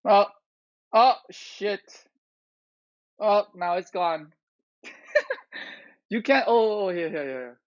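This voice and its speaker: A man chats casually on his live stream, venting his complaints and often breaking off to restart a sentence. His voice sits high for a man. The audio is dull and lo-fi. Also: animated, extremely slow, long pauses, no room sound. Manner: aggrieved, ranting complaint with repeated restarts.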